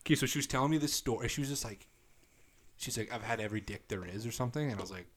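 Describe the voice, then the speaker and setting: A man's voice: very fast, slightly rough. A young man, co-hosting a casual podcast, telling crude stories with lots of swearing. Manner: animated storytelling, swears a lot, quotes texts in a lowered voice. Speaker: podcast co-host. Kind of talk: casual chat.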